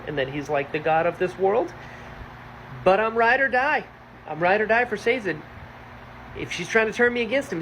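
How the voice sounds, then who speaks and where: A man talks through his thoughts on a book in a casual vlog, gushing and firing off rhetorical questions. His tone is bright and forceful. His pitch swings widely, leaping up whenever he gets excited. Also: slight background noise, poor audio. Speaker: book reaction host.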